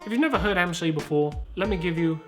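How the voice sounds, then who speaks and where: Over loud background music, a man in his twenties from Southern England rambles through comedic commentary as a YouTube host, swearing freely and poking fun at himself. He talks fast in a high-pitched voice.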